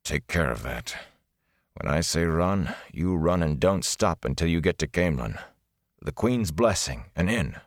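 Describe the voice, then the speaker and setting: A man reading an audiobook, voicing a gruff older male gleeman with a low, hoarse growl. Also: lively intonation, measured pace, dry recording, studio quality. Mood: gruff urgent. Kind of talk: audiobook character voice.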